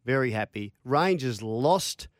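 A man's voice: medium pitch, lively intonation, unhurried, dry recording, clean studio sound. A man co-hosting a radio sports show, joking around and reading out match results. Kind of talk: casual studio banter. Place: radio studio. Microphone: studio microphone.

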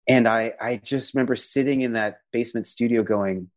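Speaking fairly quickly with few pauses, a man of medium pitch guests on a casual interview. An artist and believer, he sounds earnest and reflective, often hunting for words amid plenty of "likes."

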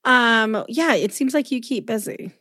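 A woman co-hosting a podcast, slightly husky, gushing and joking casually with some swearing. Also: fairly high pitch, measured pace, sharp tone, no room sound. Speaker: podcast co-host. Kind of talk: casual podcast chat and outro.

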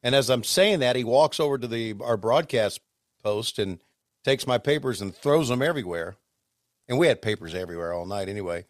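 A man co-hosting a podcast, chatting casually and telling rambling stories with many halting restarts. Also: mid-range voice, lively intonation, no echo, studio quality. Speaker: podcast co-host, former wrestling commentator. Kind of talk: casual chat.

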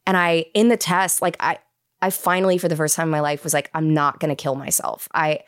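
A woman's voice: sits low, fairly even intonation, fairly quick. A woman guest on a podcast, candidly telling stories about her acting career in casual chat. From United States. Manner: candid, chatty storyteller. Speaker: actress guest.

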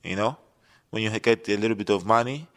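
A man's voice: fairly low pitch, brisk, a bit bright. A young man with a Greek accent, earnestly recalling his start in an interview. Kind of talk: interview recollection.

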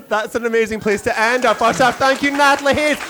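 A man's voice: very high-pitched, fairly even intonation, brisk, noisy background. A man hosting a live event, upbeat as he wraps up and thanks the guest. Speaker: event host.

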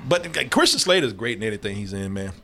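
A man's voice: lowish voice, very animated, fast, pushed and bright, a little hiss or hum. A man co-hosting a casual movie review chat, laughing often and swearing loosely. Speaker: podcast co-host.

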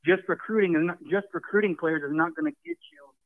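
A male caller, out of breath, pushes his point hard and keeps repeating himself. His voice is a bit raised and gravelly with fry. He comes through a tinny, phone-like line. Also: sits high, very animated, fast talker, dry recording. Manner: emphatic, preachy, repeats himself.

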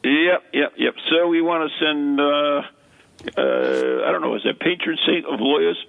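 A man hosting a paranormal radio chat show, curious and quick to laugh as he interviews. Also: fairly high pitch, very animated, vocal fry, narrow, tinny audio.

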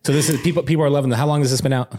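A young man co-hosting a podcast, trading quick jokes in casual chat. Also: on the high side, fairly even intonation, mellow. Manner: joking, quick banter. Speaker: podcast co-host.

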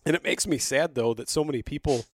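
A man's voice: a little high, quick pace, no echo. A man hosting a casual podcast chat, telling a story and laughing often.

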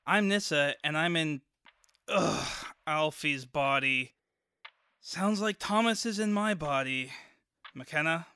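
A woman's voice: deep voice, slow pace, sharp tone, clear, resonant tone, no room sound, heavily acted. A woman in an audio drama, playing a sarcastic woman stuck in a man's body. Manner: sarcastic, wry.

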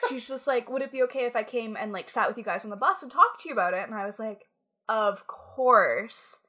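A young woman chatting on her podcast, spinning a story with plenty of "like" and quick laughs. Her voice is bright and fairly high, with an animated lift. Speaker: podcast co-host. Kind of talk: casual chat.

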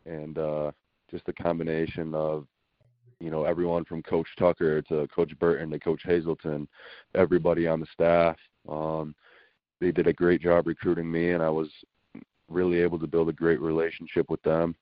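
Very deep-voiced young man on a phone. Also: completely flat delivery, moderate pace, no room sound. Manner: plain, hesitant, many fillers. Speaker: guest football recruit. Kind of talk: phone interview. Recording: dull dry phone line.

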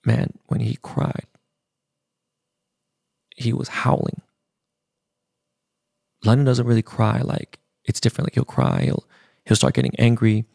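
A middle-aged podcast host with a deeply gravelly, fry-heavy, darkish voice speaks right into the mic with dry, close sound. He tells a personal story candidly and emotionally in a loose monologue, swearing casually, going a little slow and pausing often.

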